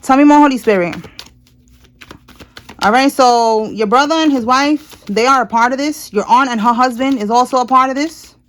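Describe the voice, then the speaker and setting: A woman's voice: sits high, a little fast, hardly any pauses, a bit bright. A woman giving a casual tarot reading to her viewers, talking bluntly and emphatically, swearing freely and checking in with "all right?". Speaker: tarot reader. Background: people talking in the house.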